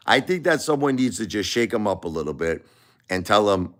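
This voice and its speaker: A man's voice: fairly low pitch, big pitch swings, a little fast, fairly bright tone. Blunt New man ranting. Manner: blunt, emphatic, repeats himself. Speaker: livestream host. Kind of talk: casual opinion talk.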